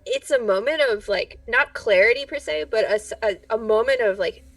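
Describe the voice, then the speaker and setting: A woman playing a tabletop game, halting and searching for words. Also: fairly high pitch, no echo, recorded from a distance. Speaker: player. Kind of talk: casual tabletop play.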